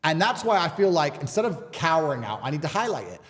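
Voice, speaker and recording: A man's voice: a little high, big pitch swings, fast. Guy on a podcast, keeps hammering the same line, voice rises and falls a lot, long reverb. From England. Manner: emphatic, repetitive rhetorical speech. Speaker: interview guest. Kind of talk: podcast conversation.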